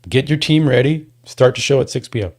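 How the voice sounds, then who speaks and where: A man with an ordinary mid-pitched voice chats loosely to his livestream audience, trailing off and restarting as he goes. When something annoys him he jumps up in pitch and volume, ranting before settling back down. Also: a little fast. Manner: rambling, restarts, talks to chat; gets worked up and loud when complaining. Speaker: livestream host. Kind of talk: casual livestream chat.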